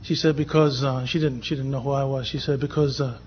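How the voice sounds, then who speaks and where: A man's voice: mid-range voice, steady tone, brisk, a little hiss or hum. A man on a conference panel telling a personal anecdote, acting out the dialogue as he goes. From from Boston. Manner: anecdotal, acts out dialogue in quotes. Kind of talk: storytelling panel talk. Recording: dull lo-fi conference recording.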